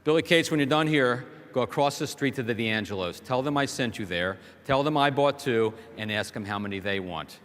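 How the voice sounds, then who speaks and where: A man quoting a gruff old salesman mentor. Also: medium pitch, fairly quick, few pauses, fairly bright tone, close to an everyday voice. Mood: instructing. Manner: probing, coaching questions. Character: gruff older male salesman neighbor, shrewd mentor. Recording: long hall reverb from a stage.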